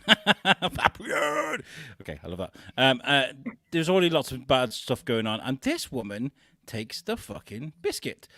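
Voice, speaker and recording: A man co-hosting a comedy podcast with crude, jokey banter. His voice is bright and animated, with a gravelly edge. The sound is dry and close. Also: mid-range voice, measured pace, dry recording. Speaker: co-host.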